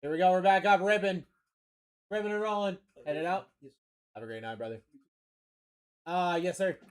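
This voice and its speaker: Excitable high-voiced man with a Maine accent. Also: normal speed. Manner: energetic, shouts big pulls, slangy banter. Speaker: card-breaking livestream host. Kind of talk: excited live sales commentary.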